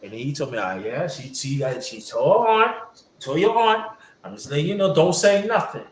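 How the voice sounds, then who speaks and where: A man's voice: mid-range voice, expressive, moderate pace. Rambling man with an echoey sound. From New York. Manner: rambling, repeats words, acts out family members' lines. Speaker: host telling a family story. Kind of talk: casual storytelling to a live audience. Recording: echoey room with faint background hiss.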